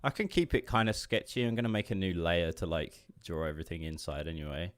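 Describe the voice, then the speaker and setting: Man, English accent, late twenties, somewhat low pitch, rambling, distracted, laughing, casual swearing, livestream chat. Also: quick pace. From England. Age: late 20s. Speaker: indie game developer streaming.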